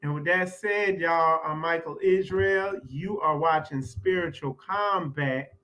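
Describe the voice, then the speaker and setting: A man's voice: on the high side, a little slow, sharp tone, muffled recording. A man hosting his own show, talking in a loose, chatty commentary monologue with laughs and filler phrases. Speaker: host.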